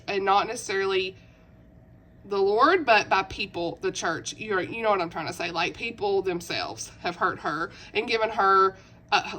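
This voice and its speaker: Bright-voiced giggly woman chatting casually. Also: medium pitch, poor audio. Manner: chatty and giggly, many fillers. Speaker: book vlogger. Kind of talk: casual chat, reading book passages aloud. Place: at home.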